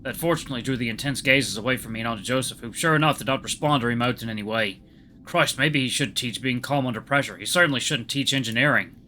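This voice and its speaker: A man hosting a let's play, reading a visual novel aloud with animated delivery. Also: medium pitch, fast. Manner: animated reading, playing the main character.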